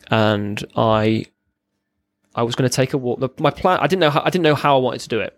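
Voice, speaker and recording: Brief: man, ex-forces guest, gravelly voice, candid halting storytelling, close dry recording. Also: medium pitch, no echo. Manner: halting, plain-spoken, frequent restarts. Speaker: podcast guest, former serviceman.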